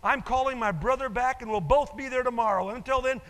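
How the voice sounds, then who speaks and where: A man's voice: very high-pitched, quick pace. An older male pastor voicing a grown daughter who angrily scolds her father in a joke. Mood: scolding. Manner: shouting, bossy. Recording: long reverb in a large hall.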